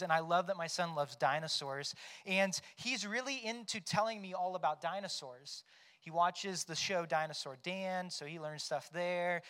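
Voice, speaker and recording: Pastor, male, higher-pitched voice, chatty sermon delivery that keeps asking "right?". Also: fairly bright tone. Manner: conversational, tags points with "right?"; storytelling, acts out quoted lines.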